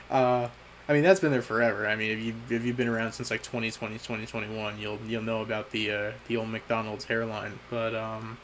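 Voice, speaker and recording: A young man vlogging a candid personal message to his future self, halting and self-critical, with frequent restarts and pauses. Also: on the low side, level tone, a bit bright, a little hiss or hum, low-quality recording. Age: young adult.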